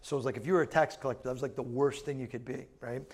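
A man's voice: medium pitch, fairly even intonation, rapid-fire, darkish tone. A man preaching a sermon in a chatty, informal way, full of asides to the congregation. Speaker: pastor. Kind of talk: conversational sermon.

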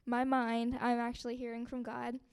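Young woman, smooth clear voice, soft and hesitant, sharing a testimony. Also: a little high, completely flat delivery. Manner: soft, halting, many fillers and sighs. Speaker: church member giving testimony. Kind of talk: personal testimony to a group.

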